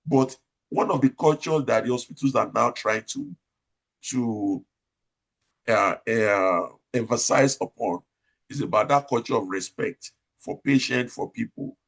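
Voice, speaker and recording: Nigerian man, nurse manager, emphatic and loud, gravelly low-mid voice. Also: unhurried. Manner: loud, emphatic, repeats points and asks rhetorical questions. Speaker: operating room nurse manager. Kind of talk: advice talk in an interview.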